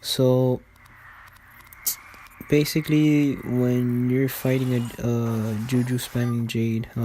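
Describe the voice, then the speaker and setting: A man's voice: mid-range voice, dark tone, a little hiss or hum. A man giving casual, rambling commentary over a game video, full of fillers and restarts.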